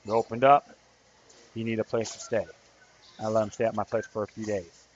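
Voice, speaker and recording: A man's voice: fairly low pitch, level tone, brisk. A man hosting a podcast as an activist, telling a story in a rambling, earnest casual monologue. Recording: slightly dull recording with faint background noise.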